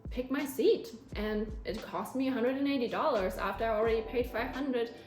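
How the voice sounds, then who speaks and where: A young woman vlogger telling her own story with animated feeling, with a turn of phrase. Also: a little high, moderate pace. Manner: emotional, animated storytelling, close to tears at times. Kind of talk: storytelling vlog. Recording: echoey room with faint music.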